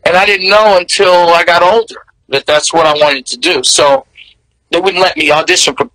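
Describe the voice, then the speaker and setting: A man, a guest telling stories in a candid, animated way. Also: high voice, normal speed, dry recording, poor audio. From American South. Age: 60s. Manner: animated, candid, laughs between memories. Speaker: interview guest. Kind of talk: storytelling in casual interview.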